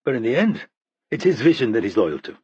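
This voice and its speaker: Guy doing a stressed spy boss w a faint russian accent, swears a lot, husky, kinda muffled dry audio. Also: mid-range voice, big pitch swings, a little fast, darkish tone, dry recording. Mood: grim. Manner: agitated, swearing. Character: stressed male CIA Russia chief, profane and blunt.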